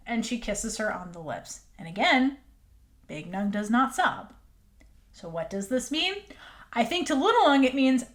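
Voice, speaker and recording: A woman co-hosting a casual recap chat, animated and acting out character lines. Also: a little high, normal speed. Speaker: podcast co-host.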